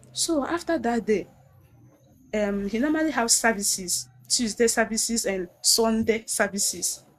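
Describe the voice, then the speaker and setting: A woman with a Nigerian accent giving a personal testimony in an earnest, halting way, often repeating phrases and restarting. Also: mid-range voice. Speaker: guest recounting abuse.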